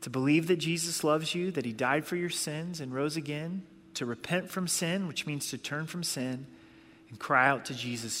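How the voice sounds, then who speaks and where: A man delivering a sermon in an earnest, conversational way, pressing his points with repetition. His voice sits a little high for a man. A long reverb trails off the church hall around him. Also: normal speed, fairly bright tone, slight background noise. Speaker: pastor.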